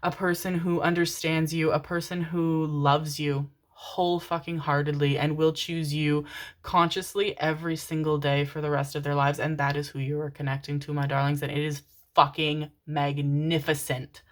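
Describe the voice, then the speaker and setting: Low-voiced woman giving a tarot reading. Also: little pitch movement, normal speed. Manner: affectionate, swears casually, calls listeners darlings; repeats phrases, laughs often. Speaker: tarot reader. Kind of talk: pick-a-card tarot reading.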